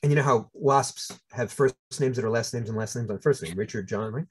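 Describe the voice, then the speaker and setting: A man in his sixties with a New York accent, telling funny personal stories in a lively talk. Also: medium pitch, fairly quick, breathy edge. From United States. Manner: animated, humorous storytelling with voiced asides. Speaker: speaker. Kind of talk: storytelling talk.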